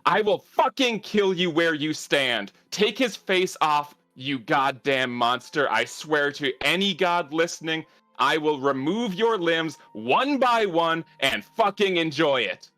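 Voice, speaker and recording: A man's voice: mid-range voice, fairly even intonation, slow pace, pushed and bright, soft background music, pitched above the performer's own voice. A man voicing a fierce middle-aged mother who snarls threats at her enemies and sobs over her son. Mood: furious snarl. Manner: snarling threats, then choked sobbing.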